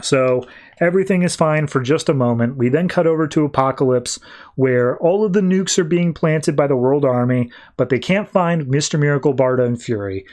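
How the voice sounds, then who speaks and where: A man's voice: fairly high pitch, a little mellow. A man casually recapping a comic book issue on a podcast, paraphrasing the characters' lines with lots of "like". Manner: retells dialogue in quick casual paraphrase with many "like"s. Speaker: podcast host.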